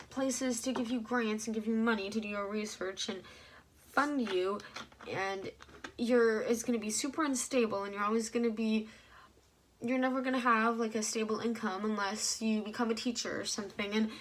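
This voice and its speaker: An animated young woman talks straight to camera in a rambling, heated rant, full of fillers and restarts. Her voice sits a little high. A faint hiss runs under the recording. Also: normal speed. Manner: heated, frustrated. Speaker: vlogger. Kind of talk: casual ranting vlog.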